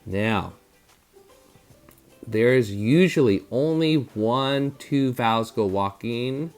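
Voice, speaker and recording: Gravelly slow-talking man teaching spelling. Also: mid-range voice, faint music behind. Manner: energetic, sound effects like bam; sounds out letters slowly. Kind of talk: spelling lesson for children.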